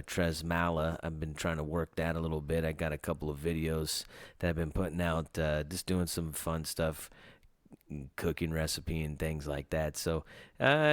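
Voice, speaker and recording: A man's voice: a bass voice, dry recording. A man hosting a casual podcast, rambling loosely with lots of hesitations. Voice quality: rambling, lots of fillers and restarts. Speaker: podcast host.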